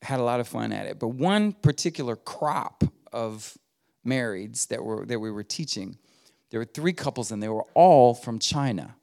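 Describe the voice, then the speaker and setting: A man's voice: mid-range voice, animated, normal speed, creaky, a little mellow. A middle-aged man, preaching a sermon in a folksy storytelling way. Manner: folksy storytelling with laughs and quoted voices. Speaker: pastor.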